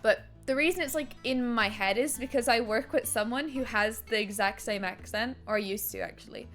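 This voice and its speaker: A woman's voice: a little high, normal speed, fairly bright tone, soft background music. A woman streaming a video game, chatting casually, laughing often and swearing as she reacts. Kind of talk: casual gaming commentary.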